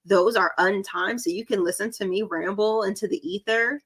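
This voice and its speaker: Young southern gal doing tarot on a livestream, crisp bright voice, laughs at herself a lot. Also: female voice, medium pitch, steady tone, normal speed, rough recording. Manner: chatty, giggly, self-deprecating. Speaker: psychic reader. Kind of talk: live stream tarot reading.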